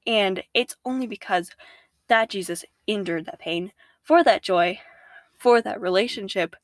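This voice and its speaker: A young woman, a podcast guest, talking casually about faith, animated, laughing often and acting out her own inner voices. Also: medium pitch, measured pace, no echo.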